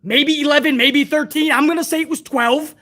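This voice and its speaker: A woman's voice: high voice, steady tone, brisk, fairly bright tone. A woman hosting a live wrestling review stream, ranting bluntly and heatedly with plenty of profanity. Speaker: wrestling show host.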